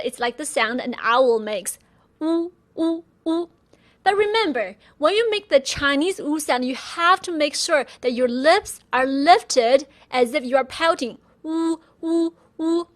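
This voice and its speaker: A woman teaching pinyin pronunciation, patiently modelling sounds for learners to repeat. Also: sits high. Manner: slow, patient drilling with repeat-after-me models. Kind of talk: pronunciation lesson.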